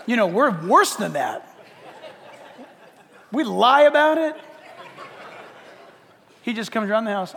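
Older male pastor, sermon delivery, lively swinging pitch, long hall reverb. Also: takes it slowly, gravelly, long pauses, slight background noise. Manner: animated, swings from hushed to shouting.

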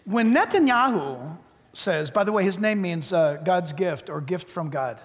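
High-voiced preacher man in a big hall. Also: lively intonation, a little slow. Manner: emphatic, repetitive, punchy short phrases. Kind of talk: sermon. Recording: long reverb of a large hall.

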